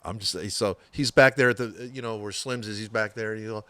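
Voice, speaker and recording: Telling stories as a podcast guest, a middle-aged man speaks in a lowish voice, a little fast with few pauses, and no room sound. The casual interview storytelling is animated, heavy on swearing, and he acts out other people's words.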